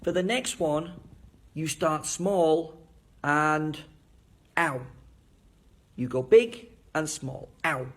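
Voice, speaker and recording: Man, slightly higher pitch, English teacher giving a training talk, crisp enunciation. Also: animated, slow pace. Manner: clear, enunciating demonstrations with hand signals. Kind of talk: teacher training lesson at a board.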